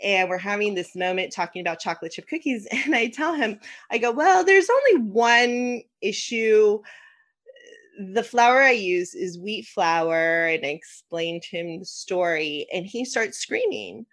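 A woman's voice: fairly low pitch, lively intonation, normal speed, few pauses, a bit bright. Woman, podcast host, casual storytelling, acts out quotes, laughs often.

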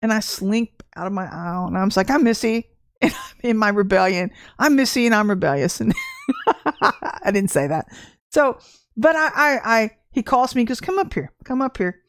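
A middle-aged woman giving an informal testimony sermon on a livestream, animated and storytelling, with laughter and acted-out quotes. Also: medium pitch, moderate pace, no echo, clean studio sound. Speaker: livestream minister.

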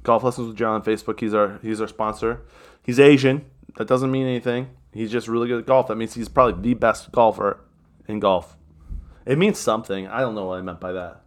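A young man co-hosting a casual comedy podcast, talking in a sarcastic, rambling way and ranting with sudden loud bursts. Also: lowish voice, steady tone, fairly quick. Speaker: podcast co-host.

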